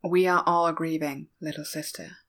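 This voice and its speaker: A woman reading the lines of a weary male warrior-monk, firm and quiet. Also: low voice, little pitch movement, normal speed. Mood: solemn.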